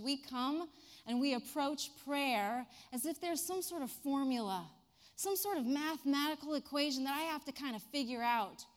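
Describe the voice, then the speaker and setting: High-voiced woman preaching in a reverberant hall. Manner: animated, dramatic storytelling. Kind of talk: sermon with storytelling.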